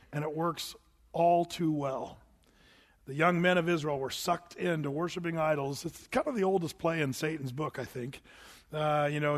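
High-voiced folksy preacher in a hall. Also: male voice. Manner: folksy, restarts, acts out story voices. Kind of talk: casual sermon with Bible reading.

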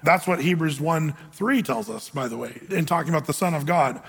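A pastor delivers his sermon from a church stage a little fast, his high voice animated, gravelly, and slightly bright with a breathy edge, echoing in a long hall reverb. He keeps it light and conversational, pausing often to put rhetorical questions to the congregation.

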